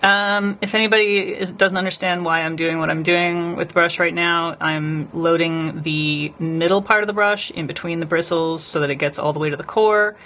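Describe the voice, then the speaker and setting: A woman's voice: on the low side, fairly even intonation, normal speed, hardly any pauses, a bit bright. A woman nail artist chatting casually with her live stream viewers as she paints, rambling and talking to the chat.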